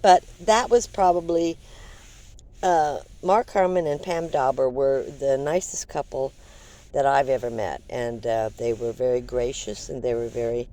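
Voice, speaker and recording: Older lady vlogging, low voice, chatty and rambly, lots of ums. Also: steady tone, unhurried, dark tone. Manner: rambling, chatty, with many fillers. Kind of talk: casual storytelling.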